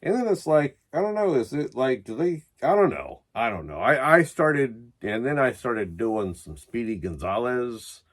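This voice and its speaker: A man vlogging about metal while drunk and high, rambling loosely and swearing as he talks. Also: big pitch swings, moderate pace, few pauses. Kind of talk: rambling casual vlog.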